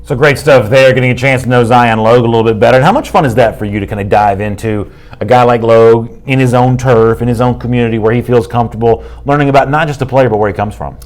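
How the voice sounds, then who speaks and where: A man's voice: mid-range voice, quick pace, hardly any pauses. A man from the US South hosting a sports talk show, upbeat and joking in a conversational way. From Southern US, Georgia. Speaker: podcast host.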